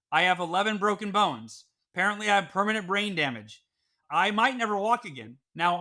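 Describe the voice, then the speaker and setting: A middle-aged man telling his story in an interview as a podcast guest, earnest and animated, acting out the quotes he tells. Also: high voice.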